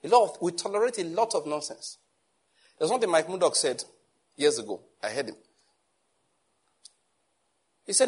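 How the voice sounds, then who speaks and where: A man's voice: high voice, big pitch swings, brisk, breathy edge. A man preaching a sermon in a conversational way, acting out little dialogues as he teaches. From Nigeria.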